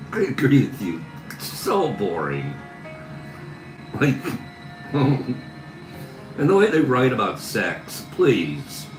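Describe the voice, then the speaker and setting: A man hosting a casual live stream, reading viewer comments aloud and laughing constantly. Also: medium pitch. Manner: laughs constantly, giggly and teasing. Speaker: livestream host. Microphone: phone camera. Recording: echoey room with music behind.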